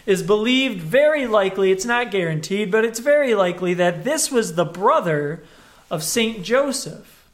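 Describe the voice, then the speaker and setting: A man's voice: high voice, a bit bright. A man preaching a sermon as a pastor, talking in a conversational but emphatic way and acting out the scripture with animation.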